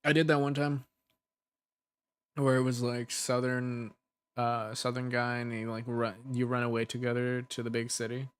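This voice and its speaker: A man's voice: mid-range voice, flat delivery, moderate pace, smooth. A young adult man, an ASMR creator, rambling casually with restarts while chatting on a livestream.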